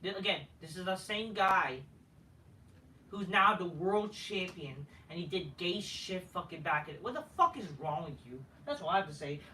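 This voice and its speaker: High-voiced, rambling male reviewer. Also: sharp tone, slight background noise. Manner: profane, rambling, repetitive fillers. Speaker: wrestling show reviewer. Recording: echoey room, distant mic.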